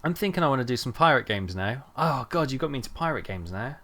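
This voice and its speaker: A man's voice: medium pitch, animated, fast, sharp tone. A man streaming a trucking game, rambling and thinking aloud with lots of fillers. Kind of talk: casual gameplay chat.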